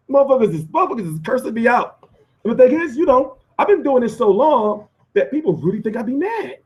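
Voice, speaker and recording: This boxing channel host, an American man, talks fast in a high-set voice while working through viewer comments live. The rant is animated and full of swearing, with frequent false starts and repeated phrases.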